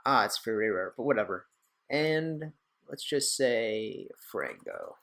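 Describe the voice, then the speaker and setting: A young man hosting a casual screen-recorded software tutorial, chatty and rambling with self-deprecating asides. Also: fairly low pitch, big pitch swings, takes it slowly, vocal fry. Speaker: tech tutorial host.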